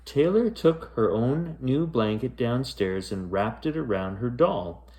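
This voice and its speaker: A man reads a children's picture book aloud at bedtime in an expressive way. He takes his time with each line, and his pitch rises and falls freely. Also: unhurried. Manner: expressive, lilting. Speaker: storyteller. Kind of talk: bedtime story read-aloud.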